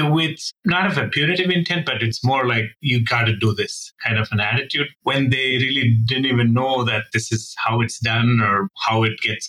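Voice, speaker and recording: Bright-voiced man physician leader. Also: mid-range voice, low-quality recording. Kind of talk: professional interview answers.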